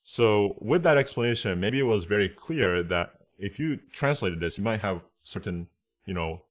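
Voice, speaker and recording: This relaxed online class features a deep-voiced man explaining translation point by point, slowly. Reading Japanese phrases aloud, he frequently checks in with "right?" and "okay?"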